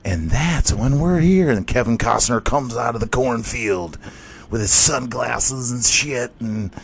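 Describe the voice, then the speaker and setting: A man hosting a podcast, telling a long story in casual, rambling talk full of swearing and excited bursts. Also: mid-range voice, measured pace, vocal fry, a little hiss or hum. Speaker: podcast host.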